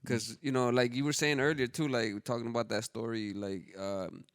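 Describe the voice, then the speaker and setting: A man's voice: mid-range voice, fairly even intonation, a crowd in the background. A man hosting a podcast in casual chat, reacting briefly and adding reflective thoughts. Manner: laid-back, reflective, quick reactions. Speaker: podcast host.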